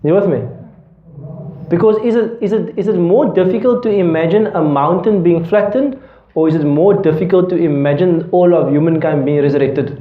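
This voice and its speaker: A man's voice: high voice, normal speed. A man teaching a classroom lecture. He explains with everyday examples and keeps checking that students are following. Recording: roomy, dull lecture-hall recording.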